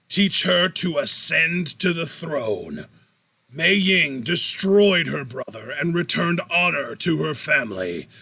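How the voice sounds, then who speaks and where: A man doing a dramatic movie trailer narrator voice, booming and deep. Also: gravelly, sharp tone, breathy edge, full character voice.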